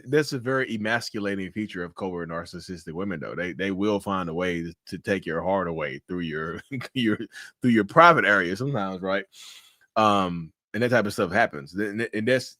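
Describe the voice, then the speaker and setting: Man, lowish voice, casual host, loose talk with swearing, acts out reactions, dry close sound. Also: normal speed, dry recording. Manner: animated, acts out reactions with big pitch jumps and laughs. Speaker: interview host. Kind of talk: casual interview chat, swearing.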